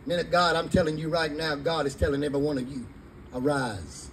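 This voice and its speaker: A man's voice: a little high, little pitch movement, fast talker, a bit bright, a little hiss or hum, rough recording. A man, preaching fervently in a sermon to a live congregation. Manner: fervent preaching in Southern vernacular. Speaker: pastor.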